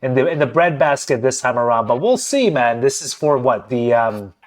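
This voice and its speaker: A man with a mid-pitched voice runs a casual boxing podcast. He talks in an easygoing, chatty way, and his sentences often restart with small stumbles and repeated words. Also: very animated, moderate pace. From Philippines. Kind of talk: casual chat.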